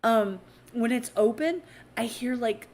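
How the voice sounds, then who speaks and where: A woman's voice: fairly high pitch, a little slow, darkish tone, a little hiss or hum. A woman in her thirties hosting a podcast from a home garage office, talking bluntly with plenty of swearing and laughter. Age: 30s. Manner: blunt, profane, laughing storytelling. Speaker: podcast host. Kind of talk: casual podcast chat.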